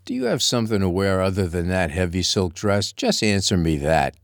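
A man voicing a gruff, blunt frontier man who talks in a plain-spoken drawl. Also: low-pitched, sing-song, fairly quick, no echo, clean studio sound. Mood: impatient.

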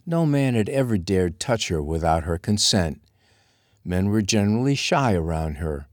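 A man reading a romance novel aloud as narrator, in a steady, measured way. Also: low-pitched, no echo, clean studio sound. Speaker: audiobook narrator. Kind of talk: scripted narration.

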